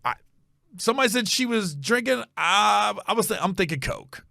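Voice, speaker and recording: A man's voice: sits high, moderate pace, gravelly, no echo, studio quality. A man telling a rambling story. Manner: animated, rambling, with restarts and acted-out quotes. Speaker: comedian podcast host. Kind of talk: casual storytelling monologue.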